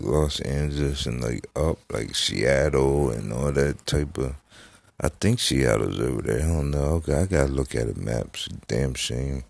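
A middle-aged man rambles through a solo podcast with a very deep, gravelly voice. He talks slowly, swears a lot and trails off into fillers. The sound is dry and close. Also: darkish tone, no echo. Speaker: podcast host. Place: Florida.

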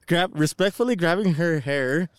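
A man's voice: on the high side, moderate pace, smooth, dry recording, studio quality. A young man co-hosting a casual chat, telling rambling crude stories full of slang and swearing. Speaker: podcast co-host.

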